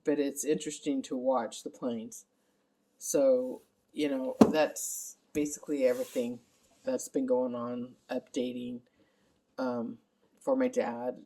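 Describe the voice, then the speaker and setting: A woman's voice: rumbling low, level tone, slow, mellow, a little hiss or hum. A middle-aged woman caring for her father, giving a candid, rambling vlog update while exhausted. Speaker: family caregiver.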